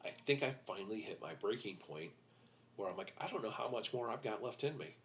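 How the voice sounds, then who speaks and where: A middle-aged man speaking candidly as a podcast guest, halting with many fillers and restarts, blunt and a little profane. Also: lowish voice, expressive, slight background noise. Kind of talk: candid interview talk.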